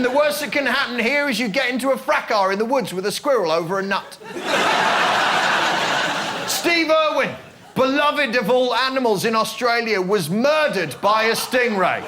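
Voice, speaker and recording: A man, team captain on a comedy panel show, giving a mock-pompous argument speech to a live audience and building to loud outbursts. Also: extremely high pitch. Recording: stage mic, loud audience laughter and noise.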